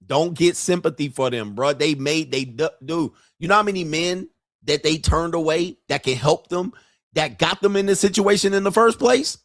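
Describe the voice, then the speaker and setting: A man's voice: on the high side, normal speed, fairly bright tone, no room sound, studio quality. Profane joking male stream host. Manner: profane, joking, acts out quoted voices. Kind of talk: casual live-stream rant. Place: home studio.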